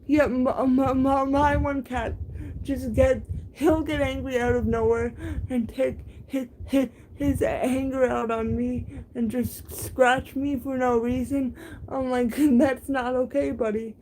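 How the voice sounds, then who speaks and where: High-voiced woman, slow stammering chat. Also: little pitch movement, a little mellow, slight background noise, rough recording. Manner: stammering, frequent restarts and giggles. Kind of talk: casual chat.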